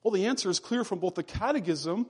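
Pastor guy preaching, kinda high voice, earnest, slows way down on the big lines. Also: animated, breathy edge. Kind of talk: sermon.

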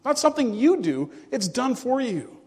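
A male pastor preaching a sermon to his congregation, earnest and emphatic, with hushed drops. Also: very high voice, sing-song, normal speed, slightly rough, long reverb tail. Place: church.

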